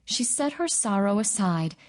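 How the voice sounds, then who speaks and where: A woman reading a novel aloud in a steady, measured audiobook narration. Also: medium pitch. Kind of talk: scripted narration.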